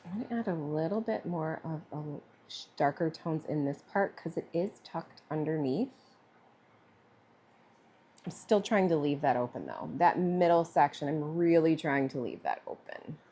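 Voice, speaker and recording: Chatty, lower-voiced woman artist. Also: normal speed, dark tone, slightly rough. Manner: chatty, thinking aloud with fillers. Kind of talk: live-streamed painting demo.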